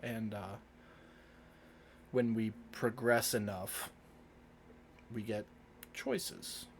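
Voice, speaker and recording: A man's voice: on the low side, flat delivery, drawn-out words, a little hiss or hum. A man at a tabletop game describing his character's actions in first person, in a laid-back manner with loose fillers. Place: home streaming setup.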